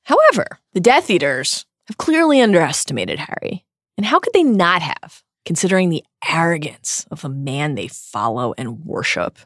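Expressive low-voiced woman podcaster. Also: normal speed, dry recording, clean studio sound. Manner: emphatic, emotional reactions with a loose profane edge. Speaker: podcast co-host. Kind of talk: casual podcast discussion.

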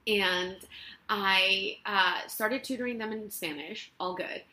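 A woman actress telling self-mocking stories in a casual interview in her apartment, quick to laugh. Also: medium pitch, sharp tone. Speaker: guest actress. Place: her own apartment living room. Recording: echoey room.

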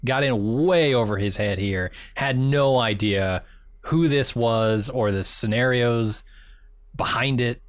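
A man co-hosting a casual TV recap podcast, summarizing the plot in a plain, steady way. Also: mid-range voice, slow pace, no room sound, studio quality. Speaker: podcast co-host.

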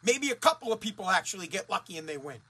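A man from Massachusetts in a profane, heated rant who swears constantly, repeats himself and rises to shouting. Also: high-pitched, big pitch swings, fast talker, slightly rough. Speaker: ranting commentator.

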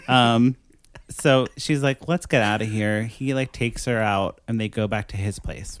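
A man's voice: medium pitch, a little slow, no room sound, clean studio sound. A man in casual chat, retelling a movie plot with lots of acted-out quotes. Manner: animated storytelling with acted quotes. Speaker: podcast co-host.

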